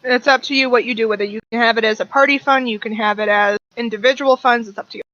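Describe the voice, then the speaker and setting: A woman narrating as game master of a tabletop game, explaining rulings in a halting, plain way. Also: fairly high pitch, fairly even intonation, a bit bright, dry recording, dull audio.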